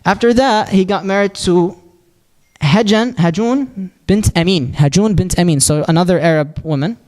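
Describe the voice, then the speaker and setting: A man teaching a religious lesson, explaining step by step and answering his own questions. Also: high-pitched. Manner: recites Arabic supplication quickly and softly. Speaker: Islamic teacher.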